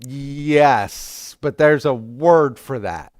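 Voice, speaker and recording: A man's voice: mid-range voice, very slow, darkish tone, dry recording, studio quality. A man teaching an adult church class in a conversational lecture, often restarting his sentences.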